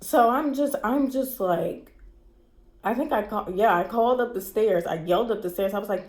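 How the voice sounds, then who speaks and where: Woman, vlogger, storytime, shaky and stressed, candid, swearing, repetitive, mid-pitched, echoey room. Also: fairly quick. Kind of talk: personal storytime vlog. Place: cold room indoors. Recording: roomy echo.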